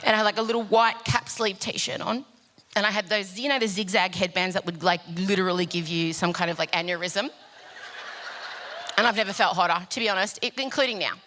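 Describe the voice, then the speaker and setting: A young woman co-hosts a live podcast on stage, her voice bright and ringing. She tells stories in a lively, sweary rush, with a faint hiss behind her. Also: mid-range voice, brisk. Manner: animated storytelling, swears freely. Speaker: podcast co-host.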